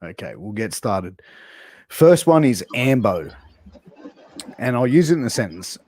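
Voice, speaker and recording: A man's voice: medium pitch, big pitch swings, measured pace, darkish tone, no room sound, clean studio sound. A man with an Australian accent hosting a podcast, playfully quizzing a guest on slang and explaining the answers. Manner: playful, explains slang with silly example voices. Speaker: podcast host. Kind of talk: casual interview game.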